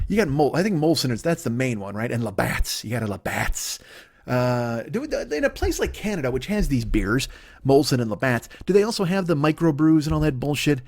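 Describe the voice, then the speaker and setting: A man's voice: medium pitch, sing-song, a little fast, darkish tone. A man in his forties from the United States doing a solo comedy podcast, ranting profanely and slipping into mocking put-on voices. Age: 40s. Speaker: comedian host.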